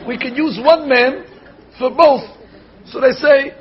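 A man giving a Torah class as a rabbi, animated, slowly sounding out words to show how they should be said. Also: very high-pitched. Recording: dull lo-fi recording.

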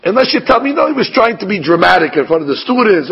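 A man preaches in a high, raspy and gravelly voice, firing off rhetorical questions and dropping in Hebrew terms. The recording sounds dull and lo-fi. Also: sing-song, fast talker. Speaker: rabbi giving a Torah class. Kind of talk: sermon.

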